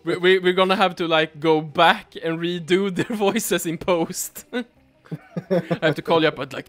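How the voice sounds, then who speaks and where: A man's voice: high-pitched, steady tone, normal speed, a bit bright. A man playing a video game with a friend, reading text aloud and joking, swearing a lot. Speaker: gamer reading and voicing a game. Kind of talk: casual let's-play commentary.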